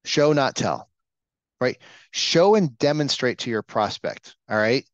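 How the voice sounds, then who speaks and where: Brief: male trainer, mid-pitched, casual coaching delivery, dry slightly dull lo-fi audio. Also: lively intonation, a little slow, dry recording. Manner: casual, coaching, asks the room questions. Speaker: real estate sales trainer. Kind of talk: live training session talk.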